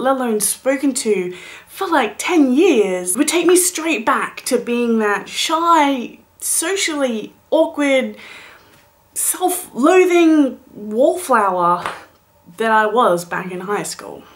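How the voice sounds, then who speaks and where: A woman in her late twenties telling a comic story in a vlog, animated and playful, with dramatic whispered asides. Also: fairly high pitch. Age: late 20s. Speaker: vlogger.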